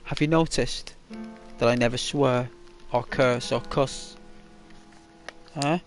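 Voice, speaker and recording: A man's voice: mid-range voice, steady tone, slow pace, soft background music. A man streaming a game and chatting casually to viewers, rambling with lots of fillers. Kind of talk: casual live-stream chat.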